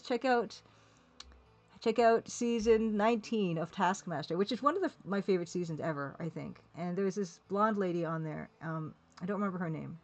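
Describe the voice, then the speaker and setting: A woman streaming live, chatting casually and rambling while reading viewers' comments, laughing now and then. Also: on the low side. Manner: chatty, rambling, laughs often, reads chat aloud.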